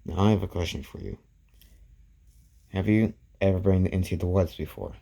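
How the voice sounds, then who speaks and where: A man voicing a calm, caring teenage boy hero in a storytelling, speaking gently and matter-of-fact. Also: sits low, moderate pace, vocal fry.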